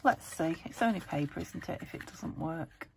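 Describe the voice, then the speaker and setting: A woman's voice: sits low, normal speed, vocal fry, background noise. A British woman hosting a crafting video, chatting casually and muttering to herself as she works at her table, sometimes dropping to a whisper. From United Kingdom. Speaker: craft channel host.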